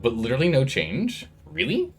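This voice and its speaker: A man's voice: medium pitch, wildly swooping pitch, normal speed, creaky, soft background music. A man streaming a game, chatting casually with viewers while fiddling with his microphone levels. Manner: chatty, distracted while fixing audio levels. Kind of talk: casual live-stream chat. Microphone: studio microphone with gain control.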